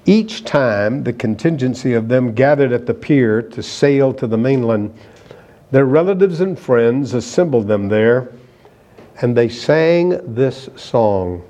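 A man's voice: medium pitch, lively intonation, slow, warm tone. A man preaching a sermon, emphatic and asking the congregation rhetorical questions.

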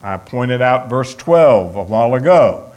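Emphatic preacher man, lively pitch. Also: a little slow. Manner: emphatic, repeats points for stress, speeds up when listing. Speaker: pastor. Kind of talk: sermon.

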